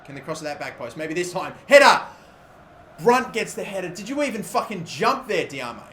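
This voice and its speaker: A man in his twenties giving excitable live gameplay commentary, swearing freely and breaking into loud frustrated outbursts. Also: high-pitched, a little fast, a little hiss or hum. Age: 20s. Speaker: gaming commentator. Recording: roomy echo.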